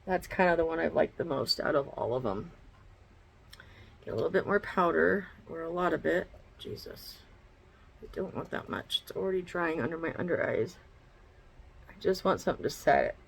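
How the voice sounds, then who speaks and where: Her voice sits low, creaky with a breathy edge, animated and fairly quick, on a rough recording. She's a beauty vlogger chatting bluntly in a casual get-ready-with-me makeup video from her bedroom, swearing freely through each step.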